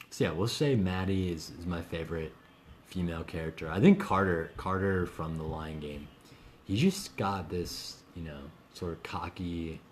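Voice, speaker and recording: A man with a very low, deep voice talks casually to readers on a live stream from his home. He rambles, leans on fillers and laughs easily as he answers questions, with a faint hiss of noise behind him.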